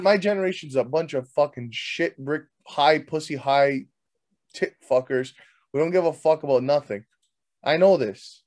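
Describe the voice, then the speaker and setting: A man's voice: on the high side, expressive, normal speed, a little mellow. A young man hosting, telling a story as a crude, heated comic rant full of swearing. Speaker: host. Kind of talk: profane comedic rant.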